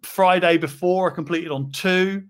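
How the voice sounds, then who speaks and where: A man's voice: sits high, measured pace. A man hosting a live property chat, talking casually with many fillers. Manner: chatty, relaxed, many fillers. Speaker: property investor and host.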